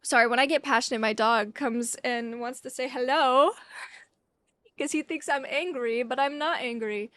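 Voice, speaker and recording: A woman's voice: high voice, moderate pace, fairly bright tone, no echo, studio quality. Chatty young woman with a Southern lilt. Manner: chatty, lots of "like" fillers. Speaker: YouTube reviewer. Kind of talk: casual chat to camera. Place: at home in Texas.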